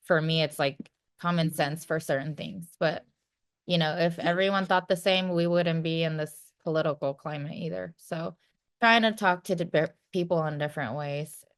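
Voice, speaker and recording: A woman in her thirties talks frankly as a podcast guest, her voice sitting a little low for a woman. She gives advice in a loose, conversational way, leaning on "you know" and "like.". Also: steady tone, moderate pace. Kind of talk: casual advice chat.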